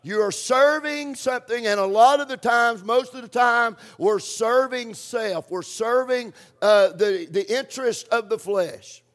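A man preaching a sermon in a church, stressing points by slow repetition. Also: very high-pitched, fairly bright tone.

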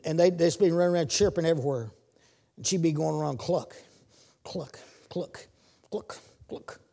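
A man preaching a sermon, repeating his words and building to shouted calls. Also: a little high, gravelly.

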